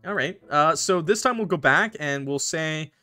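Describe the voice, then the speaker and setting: A man's voice: fairly high pitch, normal speed, bright, forceful tone, no room sound, faint music behind. A man giving casual, joking let's-play commentary to his chat, swearing and mocking himself. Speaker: gaming streamer.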